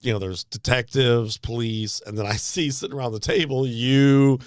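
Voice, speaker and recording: A man's voice: mid-range voice, fairly even intonation, moderate pace, clean tone, dry recording, clean studio sound. A middle-aged man co-hosting a podcast, telling a long story with lots of fillers and laughs. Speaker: podcast co-host. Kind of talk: casual storytelling chat.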